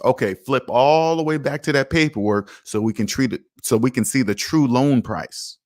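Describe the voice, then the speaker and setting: At a moderate pace and mid-range pitch, with few pauses, a finance channel host speaks into a streaming mic. He casually responds to viewers' comments, emphatic and self-assured, his volume swinging lively.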